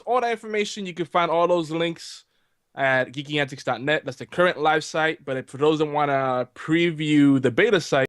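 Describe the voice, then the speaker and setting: A man's voice: mid-range voice, fairly bright tone, dry recording. Laid-back guy cohosting a gaming stream, dry close mic. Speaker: podcast co-host. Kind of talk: casual live-stream chat.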